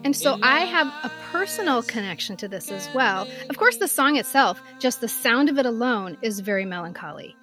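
A woman in her fifties co-hosting a casual podcast chat, telling stories with animated swings from soft to loud. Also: fairly high pitch, brisk, hardly any pauses, over music. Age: 50s. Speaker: podcast co-host.

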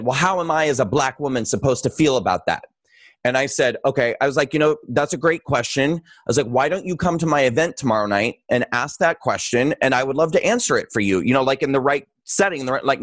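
Man guest telling a story, gets animated doing the quotes, lots of likes, dry mic. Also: medium pitch, no room sound. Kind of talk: casual storytelling conversation.

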